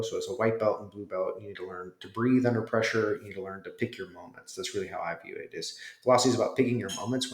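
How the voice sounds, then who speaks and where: A man in his thirties casually reviewing a jiu jitsu course as an instructor, talking it through in a loose, conversational way with fillers. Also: lowish voice. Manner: conversational, thinking aloud with fillers. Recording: roomy echo.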